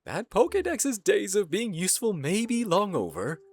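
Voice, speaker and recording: A man voicing a lonely, hopeful survivor figure in a game playthrough, in a sing-song, drawn-out manner. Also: high voice, wildly swooping pitch, slightly rough, soft background music, pitched above the performer's own voice, heavily acted. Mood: wistful. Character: lonely hopeful survivor creature of a ruined world.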